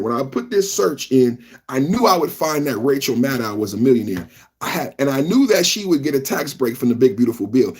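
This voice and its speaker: A man hosting a live reaction podcast, ranting loudly, repeating himself and talking straight to his chat. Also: medium pitch, husky. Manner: loud, repetitive, talks straight to chat. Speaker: podcast host.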